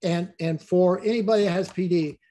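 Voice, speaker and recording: A man's voice: high-pitched, fairly even intonation, fairly quick, mellow. An older man talking as a guest in a casual interview, rambling and repeating words as he tells stories.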